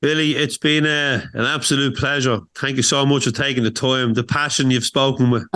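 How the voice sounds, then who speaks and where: Bright-voiced male podcast host. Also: medium pitch, fairly even intonation, normal speed. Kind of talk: casual podcast interview.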